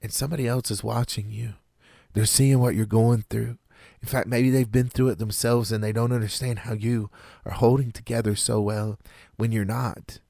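A man preaching a sermon in an earnest, measured way, with dramatic pauses. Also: mid-range voice, little pitch movement, vocal fry, dark tone, dry recording, clean studio sound.

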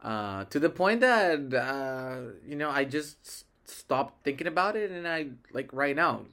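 A young Mexican man whose first language is Spanish hosts a solo podcast, rambling casually and easygoingly while often correcting himself mid-sentence. His voice is on the high side, expressive, a little slow, pushed and bright.

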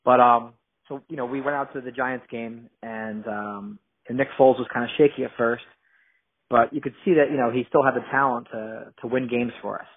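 A man from New Jersey chats casually as a guest, rambling along with fillers and false starts. His voice is husky and mid-pitched. The sound comes through thin and narrow, like a phone line. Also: fairly even intonation, fairly quick. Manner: rambling, with many fillers and restarts. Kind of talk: casual podcast chat.

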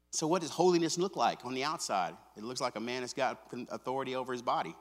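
A male pastor preaching a sermon. He moves between quiet, intimate asides and loud, fervent stretches, and he repeats his phrases with a casual "man" and "come on.". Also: mid-range voice, lively intonation, quick pace, few pauses, big-room sound. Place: church sanctuary.

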